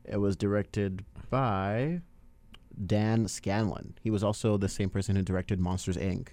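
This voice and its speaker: A man's voice: fairly low pitch, steady tone, a little slow, warm tone. A man casually chatting about a movie with friends, rambling with many fillers. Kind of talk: casual movie review chat.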